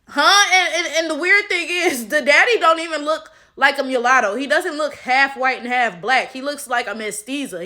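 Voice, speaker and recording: Young woman, high bright voice, blunt slangy commentary. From Detroit, USA. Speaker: commentary YouTuber. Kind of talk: reaction commentary.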